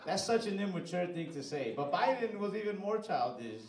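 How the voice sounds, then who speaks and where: A man's voice: a little high, expressive, brisk, hardly any pauses, noisy background. Laid-back young guy doing stand-up. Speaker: stand-up comedian. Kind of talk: stand-up comedy set. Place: comedy stage before a live audience. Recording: loud audience laughter.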